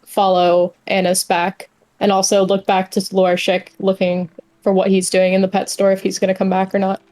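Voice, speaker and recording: Hesitant woman player, flat tone. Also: medium pitch, normal speed. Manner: hesitant, with many fillers.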